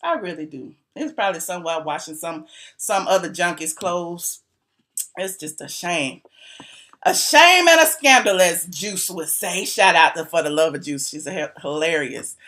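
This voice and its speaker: A woman hosting a gossip commentary channel, talking to her viewers in a sassy, animated, teasing way and laughing often. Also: lowish voice, moderate pace. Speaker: YouTube commentary host.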